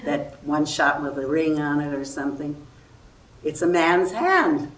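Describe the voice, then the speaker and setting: An older actress telling stories at a festival talk, lively and acting out the people she quotes. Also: low voice, measured pace. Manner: animated storytelling, acts out quoted voices. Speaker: guest actress. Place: festival hall before an audience. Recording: far-off roomy hall recording, faint noise.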